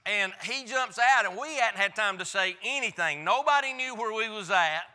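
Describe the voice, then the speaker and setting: A man's voice: high-pitched, lively intonation, normal speed, bright, forceful tone, big-room sound. A pastor preaching a sermon, telling a folksy, emphatic story from his own life. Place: church.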